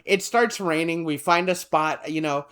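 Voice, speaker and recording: This podcast co-host has a fairly high voice and a normal speaking speed. Chatting casually, he tells a wandering, animated story and plays out each person he quotes.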